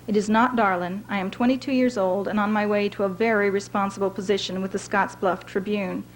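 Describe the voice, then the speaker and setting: A woman's voice: medium pitch, steady tone, a little fast, slight background noise, close to an everyday voice, poor audio. A woman reading aloud voices a proud young female reporter who answers in a clipped, indignant way. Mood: stiff.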